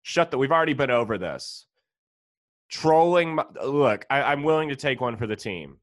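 A man's voice: medium pitch, animated, normal speed, no echo. A man with an American accent, a stand-up comedian delivering a profane, sarcastic rant.

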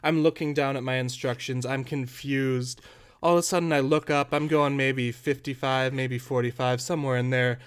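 A young man, a podcast co-host, telling a story in a casual, animated, dramatic way that keeps breaking into laughter. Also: mid-range voice, moderate pace, clear, resonant tone.

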